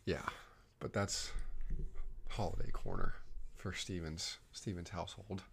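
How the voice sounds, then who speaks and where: A man's voice: deep voice, expressive, a little slow, vocal fry, fairly bright tone, a little hiss or hum. Chatty man telling a rambling story. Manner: rambling storytelling with many fillers. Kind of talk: casual chat storytelling.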